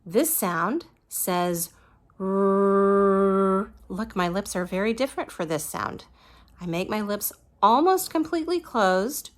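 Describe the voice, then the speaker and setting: A woman leads a phonics lesson for small children at an unhurried, drawn-out pace. She models each letter sound with care and gives gentle praise along the way. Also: mid-range voice, big pitch swings. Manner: slow, patient, encouraging, models each sound. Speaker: teacher.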